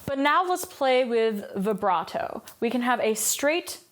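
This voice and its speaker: Woman vocal coach, kinda high voice, upbeat, sings the scales to show you. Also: lively intonation, measured pace. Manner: upbeat, demonstrates by singing scales. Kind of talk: singing lesson with sung exercises.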